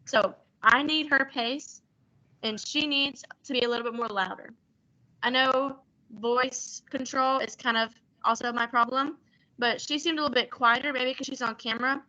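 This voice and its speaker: Fast-talking teen girl presenter. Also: sits high, fairly even intonation, sharp tone, lo-fi sound. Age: teens. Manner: fast-talking, chatty, slight stutter. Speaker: youth workshop presenter. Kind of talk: casual online presentation.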